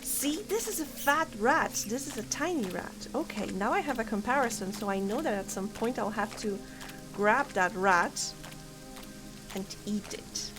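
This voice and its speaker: A woman with a voice on the high side sounds animated and speaks a little slowly. She's doing casual commentary while streaming a game, thinking aloud and giggling often, as game music plays clearly underneath.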